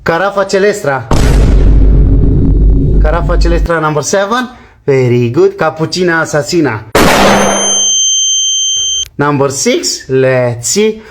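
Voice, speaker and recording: A man ranking internet memes in a playful sing-song, repeating catchphrases and dropping low to announce each number. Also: expressive, a little slow, long pauses. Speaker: content creator ranking memes. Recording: loud background noise.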